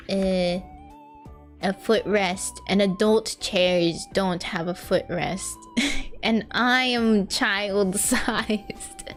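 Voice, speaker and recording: A young woman VTuber chatting casually on a live stream while she draws, rambling, laughing often and answering her chat. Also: medium pitch.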